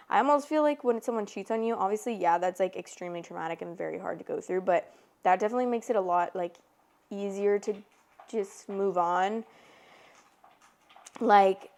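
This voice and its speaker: A young woman hosts a podcast and tells a personal story in a loose, chatty way. She fills her talk with "like" and acts out the back-and-forth of a conversation. Her pitch sits in the middle of the range, recorded close on a podcast mic. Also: moderate pace, long pauses. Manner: chatty, frequent "like", animated retellings. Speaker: podcast host. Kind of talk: casual storytelling chat.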